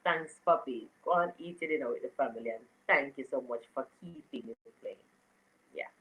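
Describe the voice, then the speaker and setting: A woman's voice: low-pitched, fairly quick, narrow, tinny audio. A woman hosting a casual live stream, reading viewer comments aloud, greeting people by name and laughing often. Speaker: livestream host.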